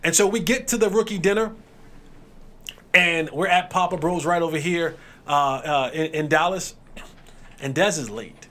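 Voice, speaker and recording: Higher-voiced male podcast host. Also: normal speed, long pauses, a bit bright. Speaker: podcast host, former pro football player. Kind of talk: casual podcast chat.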